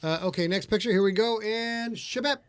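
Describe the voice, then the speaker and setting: A high-voiced man hosting a casual show, talking in a brash, joking way. The sound is close and dry, with almost no room in it. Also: a little fast, clear, resonant tone, dry recording. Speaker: podcast host. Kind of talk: casual livestream chat.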